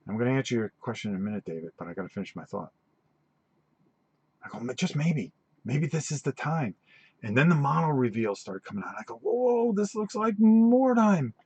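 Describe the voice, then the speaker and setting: A middle-aged man hosting a tabletop gaming channel, telling stories in a rambling, animated way with many restarts during a live-stream chat. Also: medium pitch, fast, long pauses, slightly rough, no room sound.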